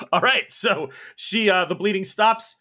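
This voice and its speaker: A man with a bright, fairly high voice narrates a tabletop horror game as its game master. He describes the chaos in a steady way and slips in jokes and laughs. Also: takes it slowly. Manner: laughing, joking asides.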